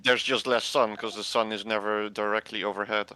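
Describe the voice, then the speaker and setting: A man's voice: fairly low pitch, level tone, a little fast, pushed and bright, clear, resonant tone, no echo. A man chatting casually while playing a multiplayer game, explaining things in a matter-of-fact way. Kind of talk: casual gaming chat.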